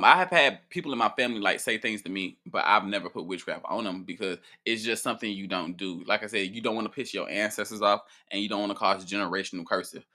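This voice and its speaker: Man, priest answering viewer questions, loose profane chat, bright tone, playful, lots of laughs and restarts. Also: on the low side. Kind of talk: casual chat.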